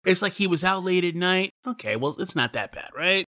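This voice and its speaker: A woman's voice: lowish voice, lively intonation, fairly quick, pushed and bright. A woman from Brooklyn co-hosting a podcast, chiming in with wry, sarcastic asides in casual chat. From Brooklyn, New York. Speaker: podcast co-host.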